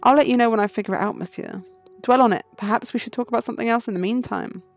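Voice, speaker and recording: A woman's voice: fairly high pitch, fast talker, soft background music, pitched above the performer's own voice, natural voice. A woman voicing a suave male fox fugitive who speaks in a poised, riddling storyteller manner. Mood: cryptic.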